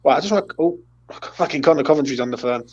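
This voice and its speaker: Blunt, sweary host of a fan chat; slightly high voice on a dull, lo-fi recording. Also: male voice, racing, darkish tone. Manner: blunt, sweary, leads the ratings. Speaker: host of a football fan channel. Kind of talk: casual post-match chat.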